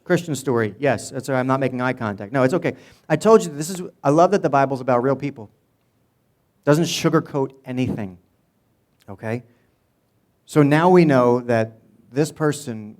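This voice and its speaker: A middle-aged pastor preaches in a relaxed, joking manner, dropping into quick voices for the people in his story. His voice sits at an ordinary middle pitch for a man. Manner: casual, joking storyteller who retells Bible scenes in voices. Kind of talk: sermon.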